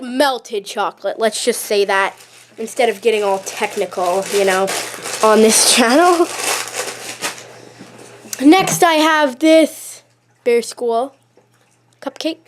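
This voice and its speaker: A high, bright-pitched woman talks through a casual show-and-tell vlog. She is chatty and gushing, leaning on "like" and repeating "really, really." She films on a handheld camera that shakes at times. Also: a little slow, pauses often, noisy background. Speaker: YouTube vlogger showing her collection. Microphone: handheld camera, shaking at times.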